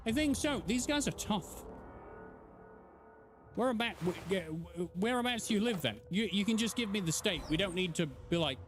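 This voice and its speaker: An animated English man on a live game stream, chatting with his viewers and swearing freely. His voice runs high and swings a lot in pitch. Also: moderate pace, faint music behind. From England. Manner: animated, swearing, answering chat. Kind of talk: casual live-stream chat while gaming.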